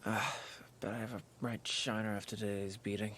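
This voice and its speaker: A man's voice: fairly low pitch, level tone, normal speed, background noise, close to an everyday voice. An actor playing an earnest, anxious bullied orphan boy who stammers when upset.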